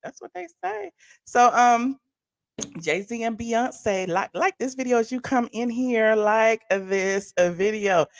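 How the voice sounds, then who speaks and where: Excitable woman live-streaming commentary. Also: fairly high pitch, slow pace, no room sound. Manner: animated, excitable, chatty asides to viewers. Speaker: commentary channel host.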